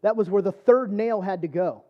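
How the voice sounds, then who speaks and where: Guy preaching his testimony, pretty high voice, rambly storyteller, muffled recording. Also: moderate pace. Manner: conversational storytelling, many fillers. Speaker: church speaker. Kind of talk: personal testimony sermon.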